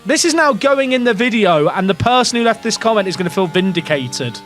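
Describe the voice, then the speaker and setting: A young man with an English accent talks through a racing management game for his live chat. His voice sits high and he rambles, doubling back to question his own calls. Faint game music plays underneath. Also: expressive, a little fast, a bit bright. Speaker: gaming streamer. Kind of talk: casual live game commentary.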